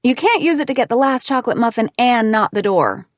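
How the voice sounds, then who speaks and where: A woman's voice: fairly high pitch, lively intonation, brisk, no echo, voice pushed up, close to an everyday voice. A woman voicing a flustered, exasperated young woman calling out in a raised, exclamatory way.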